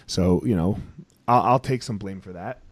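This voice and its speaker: A man hosting a podcast, chatting casually and telling stories in a loose, profane, animated way. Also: low-pitched, moderate pace. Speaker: podcast host. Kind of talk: casual chat.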